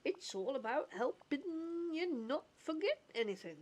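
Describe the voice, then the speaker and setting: A woman's voice: high voice, big pitch swings, moderate pace, a little mellow. Goofy, a dopey cartoon dog, as a woman reads him. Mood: muddled. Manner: folksy, put-on goofy accent. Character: bumbling forgetful male cartoon dog, good-natured. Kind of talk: reading game dialogue aloud.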